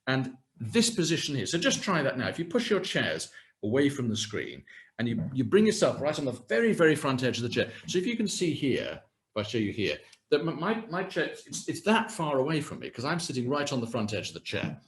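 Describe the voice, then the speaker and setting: A man's voice: medium pitch, fairly quick. A man coaching viewers on voice and posture in a webinar, demonstrating as he talks over a video call. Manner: lively, hands-on, demonstrating as he speaks. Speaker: communication and voice coach. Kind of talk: webinar talk with practical exercises.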